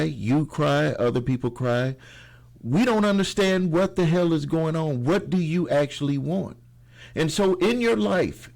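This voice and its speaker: A man's voice: fairly high pitch, a little mellow. A middle-aged man hosting a motivational channel, talking casually to camera, rambling and repeating phrases for emphasis with frequent restarts.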